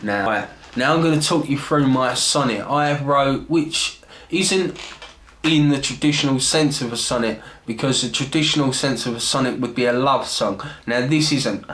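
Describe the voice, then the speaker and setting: A man talks through a lesson in a relaxed, homemade-video way, mid-pitched and conversational. He is self-deprecating and rambling, full of fillers and restarts. A faint hiss of background noise sits under his voice. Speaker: video tutor. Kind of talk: casual instructional vlog.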